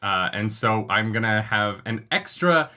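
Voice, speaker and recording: A man's voice: on the low side, expressive, a little slow, bright, forceful tone. A man co-hosting a casual book club show, teasing his wife and laughing as he talks. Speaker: podcast co-host. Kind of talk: casual banter.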